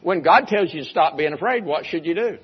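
An older male pastor delivers a sermon in a husky voice, pressing his points by repeating them. The recording sounds dull and muffled, as if taped in the church room. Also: a little high, lively intonation, fairly quick. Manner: preaching with emphatic repeated phrases.

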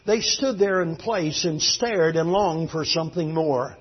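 A man preaching a sermon as a fervent, dramatic storyteller whose voice swings between hushed and loud. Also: a little high, unhurried, breathy edge. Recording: dull lo-fi recording.

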